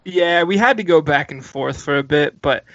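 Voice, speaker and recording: A man's voice: on the high side, moderate pace, muffled recording, crowd noise. A man co-hosting a casual podcast, chatting and laughing easily while having a drink at home. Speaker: podcast co-host.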